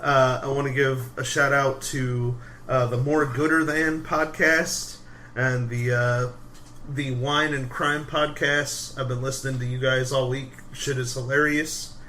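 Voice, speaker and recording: Bright-voiced laughing podcast host. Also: male voice, mid-range voice, steady tone, unhurried, a little hiss or hum. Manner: laughing often, rambling with fillers. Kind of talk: casual banter.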